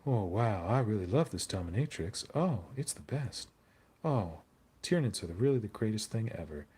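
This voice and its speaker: A man doing a parody impression of a calm, soft-spoken male hobby streamer with a slow, soothing voice. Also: on the low side, husky. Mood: mock cheerful. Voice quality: slow, soothing, mock-dulcet.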